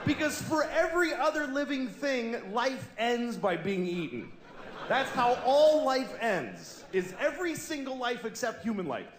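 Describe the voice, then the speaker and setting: A man in his forties performing a stand-up comedy routine on stage, deadpan and exasperated, breaking into shouted voices now and then. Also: very high voice, measured pace. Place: large theater stage with a live audience. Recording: echoey live hall with audience noise.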